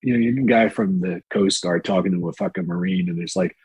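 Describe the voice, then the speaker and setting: A man's voice: sits low, fast, a little mellow, slightly rough, dry recording, poor audio. A man telling candid, rambling anecdotes in a casual interview, profane and full of fillers, on a close mic. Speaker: actor and guest.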